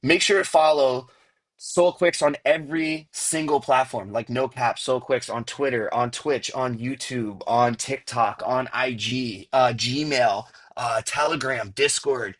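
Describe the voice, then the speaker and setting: A man chatting on a casual livestream, loose and slangy, tossing in "bro" and "like" constantly. His voice is mid-pitched and comes through earbuds. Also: unhurried, a bit bright. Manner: slangy, rambling, says bro a lot. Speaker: livestream host. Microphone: earbuds mic.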